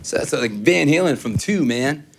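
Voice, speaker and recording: A man's voice: mid-range voice, expressive, normal speed, gravelly. A man giving a casual guitar demo, telling rambling, joking stories between playing. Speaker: guitar demonstrator. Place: guitar shop.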